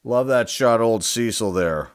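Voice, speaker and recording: Expressive and a little slow, this man's medium-pitched voice has a clean tone, recorded at studio quality with no room sound. He's a card collector casually narrating a box opening, hesitant as he reasons aloud and reads off the names of players.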